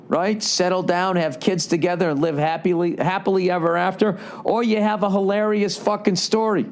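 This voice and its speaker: A man's voice: high-pitched, slight background noise. A man hosting a podcast, reading listener letters aloud and giving blunt, profane advice with rambling asides. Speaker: podcast host.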